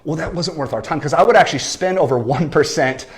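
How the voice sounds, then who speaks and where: High-pitched energetic man coaching. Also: quick pace, creaky. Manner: animated, keeps adding "okay?" and "right?". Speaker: business coach. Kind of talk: energetic marketing talk. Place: lives in San Diego.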